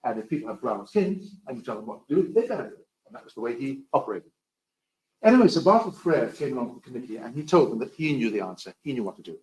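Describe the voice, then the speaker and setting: A man giving a storytelling history lecture, with dry, wry asides that swing between loud emphasis and quiet remarks. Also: medium pitch, sing-song, fast, low-quality recording.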